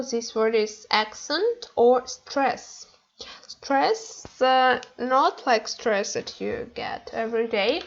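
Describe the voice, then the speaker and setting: A woman's voice: fairly high pitch, muffled recording. A woman teaching a Korean language lesson online, speaking hesitantly with many fillers and repeating words for practice.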